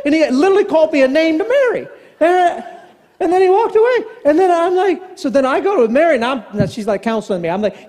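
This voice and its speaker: A man, a pastor, preaching a storytelling sermon, animated and self-mocking, acting out the dialogue of his story in a large church. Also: very high voice, brisk. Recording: long hall reverb.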